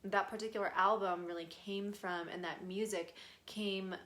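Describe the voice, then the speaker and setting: A woman's voice: mid-range voice, steady tone, normal speed, a bit bright. A young adult woman, a spirit medium, chatting through a live channeling session, relaying messages with lots of fillers and giggles.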